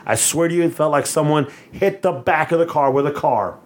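A man from Texas, co-hosting a podcast and telling a story in a loose, animated way, laughing often and cursing freely. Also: fairly high pitch, fairly quick. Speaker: podcast co-host. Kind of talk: casual storytelling chat.

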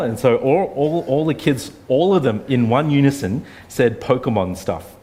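A man's voice: mid-range voice, lively intonation, normal speed, few pauses, a little mellow. A man, preaching an earnest, conversational sermon full of rhetorical questions. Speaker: pastor.

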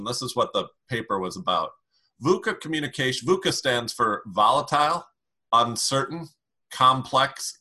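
A man explaining communication strategy in an interview, calm and emphatic as he gives advice. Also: mid-range voice. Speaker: communication expert.

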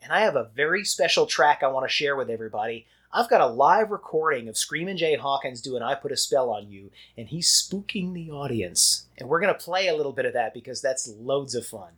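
A man's voice: mid-range voice, lively intonation, a bit bright, breathy edge. An American man co-hosting a podcast in casual chat, enthusiastic and knowledgeable. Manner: enthusiastic, knowledgeable, quick to laugh. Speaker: podcast co-host.

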